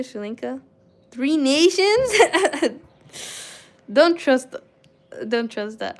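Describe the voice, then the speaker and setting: With a medium-pitched voice, a young female streamer reads from a book, frequently tripping up and starting over. She then breaks off for relaxed chat with her viewers, sprinkled with "like" and "I don't know."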